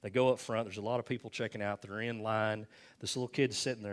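Older man, pastor, sermon, folksy storytelling, lowish voice, acts out voices. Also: fairly even intonation, quick pace. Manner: folksy storytelling, acting out the voices in his anecdotes. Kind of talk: sermon closing with prayer. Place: church sanctuary.

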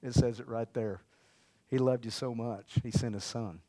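A man preaching a lively sermon, shouting out exclamations and leading the congregation in call-and-response. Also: mid-range voice, moderate pace, no echo.

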